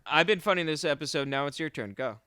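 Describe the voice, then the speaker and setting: A man co-hosting a podcast, spinning deadpan comic stories and playfully refusing his co-hosts. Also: fairly high pitch, fast, noisy background. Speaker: podcast co-host. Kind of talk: crude comedic banter.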